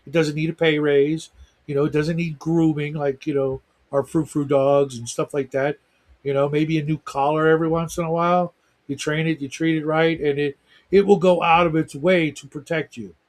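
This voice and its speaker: A man's voice: fairly high pitch, flat delivery, normal speed. A middle-aged man hosting a livestream talk show in casual chat, rambling with lots of fillers. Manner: rambling, heavy use of fillers.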